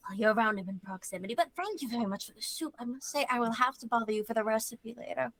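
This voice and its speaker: A woman's voice: a little high, fast talker, a bit bright. A woman voicing a chatty, nosy older woman in a tabletop game, probing with folksy small talk.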